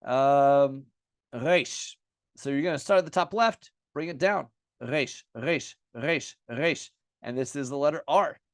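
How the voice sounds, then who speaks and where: An American man teaching the alphabet in a relaxed lesson, saying each letter name aloud again and again as he writes it. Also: a little high, moderate pace, no room sound, studio quality. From United States. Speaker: Bible and Hebrew teacher.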